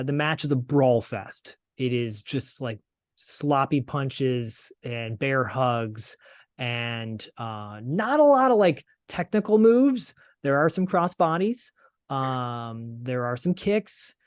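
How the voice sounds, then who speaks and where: Male podcast host, mid pitch, chatty recap full of fillers, dry close mic. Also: expressive, takes it slowly, smooth, dry recording. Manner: chatty, hesitant with frequent fillers and restarts.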